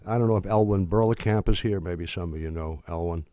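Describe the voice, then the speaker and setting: An older man giving a talk to an audience, telling a story in a halting, wry way with many restarts. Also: low-pitched, mellow, no room sound.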